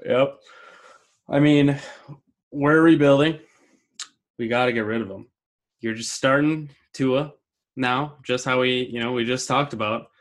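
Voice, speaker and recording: A man's voice: medium pitch, steady tone, measured pace, long pauses. A man co-hosting a casual sports talk show, laid-back and chatty. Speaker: co-host.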